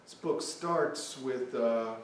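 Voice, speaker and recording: A male poet at a live reading, introducing his poems in a chatty, offhand way. His mid-pitched voice bounces around a very echoey hall and sounds distant from the mic, with faint background noise. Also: slow pace.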